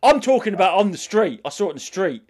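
Sweary ranting man with a swooping, lively voice, casual comic podcast chat. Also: sits high, quick pace. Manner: ranting, sweary, mocking impressions. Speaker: podcast co-host.

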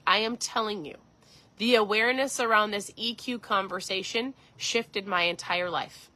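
Woman host, middle-aged, bright and direct, casual motivational talk. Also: mid-range voice, rough recording. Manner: earnest, conversational, addresses listeners directly. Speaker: podcast host.

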